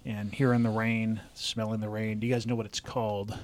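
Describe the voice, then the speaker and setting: A man from Southern California, a meteorologist co-hosting a podcast, telling stories in a relaxed way with frequent chuckles. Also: lowish voice, fairly quick, no echo. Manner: laid-back storyteller, chuckles often. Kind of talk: casual podcast chat.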